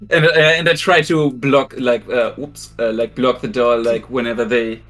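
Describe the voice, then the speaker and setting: A man's voice: medium pitch, fairly even intonation, unhurried, fairly bright tone, faint music behind, low-quality recording. A man playing a tabletop role-playing game, talking hesitantly with lots of "like" and restarts. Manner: hesitant, rambling, full of "like" and restarts. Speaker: player. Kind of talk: casual tabletop play.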